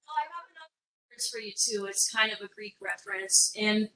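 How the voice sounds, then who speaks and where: A woman on a college staff, asking a candidate a question at a public forum. She speaks in a playful, wry way, at a middle pitch. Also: expressive, fast, bright, forceful tone, rough recording. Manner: playful, wry, drops pop-culture references.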